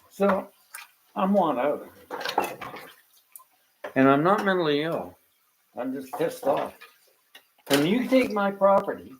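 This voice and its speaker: Gravelly older man ranting angrily. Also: fairly high pitch, noisy background. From Canada. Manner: agitated, ranting, blunt and profane. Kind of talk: angry personal rant.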